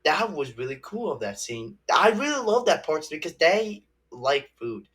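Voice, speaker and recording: A young man giving a casual movie review, rambling and halting with many restarts and fillers. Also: fairly high pitch, sing-song, fairly bright tone.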